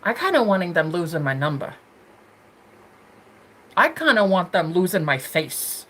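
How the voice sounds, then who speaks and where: A woman's voice: on the low side, sing-song, normal speed, pauses often, breathy edge. A young American woman hosting a casual livestream, chatting to viewers with a bubbly, giggly, teasing manner. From United States. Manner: bubbly, giggly, teasing, swings between loud squeals and murmurs. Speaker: livestream host. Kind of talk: casual livestream chat reading comments.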